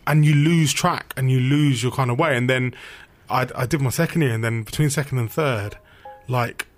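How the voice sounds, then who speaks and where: A man who works as a radio presenter, telling stories in a casual interview, chatty and animated with lots of "like" and "you know.". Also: mid-range voice, moderate pace, soft background music.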